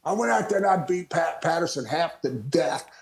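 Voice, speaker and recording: An older man from Florida, a retired wrestler, telling lively stories as a guest and laughing often. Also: on the high side, normal speed, vocal fry. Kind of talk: storytelling interview. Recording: roomy echo.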